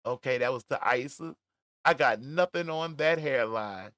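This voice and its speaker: A middle-aged man hosting a casual livestream, reading chat comments aloud with laughter and drawn-out emphasis. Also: medium pitch, fairly bright tone, no echo, studio quality. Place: at home, smoking a cigar.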